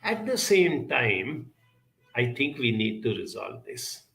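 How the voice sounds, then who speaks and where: A man speaking at a conference, earnest and advising, pausing often with hesitations as he answers audience questions. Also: mid-range voice, sing-song, creaky, fairly bright tone, echoey room, low-quality recording.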